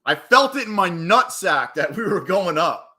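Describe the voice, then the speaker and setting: A man live-streaming his day trading, chatting casually and excitably, with plenty of swearing and hype. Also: sits high, unhurried. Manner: excitable, profane, hypes up his wins; rambling and casual.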